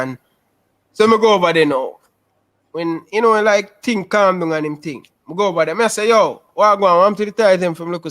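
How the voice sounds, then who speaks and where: A young man with a Jamaican Patois accent, telling his life story in a casual interview over a video call, animated and repetitive. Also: fairly high pitch. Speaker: interview guest.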